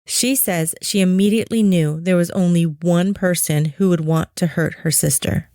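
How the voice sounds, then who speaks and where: A woman narrating a podcast in a measured, scripted storytelling voice. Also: on the low side, steady tone, dark tone, dry recording, studio quality.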